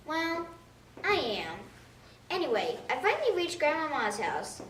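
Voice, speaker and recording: A woman giving an expressive, childlike storytelling monologue. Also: sits high, unhurried. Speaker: reader of a monologue. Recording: echoey room from a distance with faint noise.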